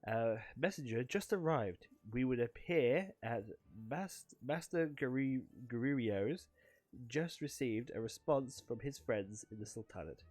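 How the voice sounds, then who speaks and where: Man reading as a calm female dance mentor. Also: medium pitch, unhurried, no echo, faint music behind.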